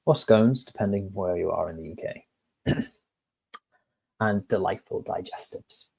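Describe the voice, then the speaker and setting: A man's voice: on the low side, mellow. A man, an HR course tutor who talks to viewers in a chatty, direct way and reads a storybook tale. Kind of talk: casual lesson with storytelling.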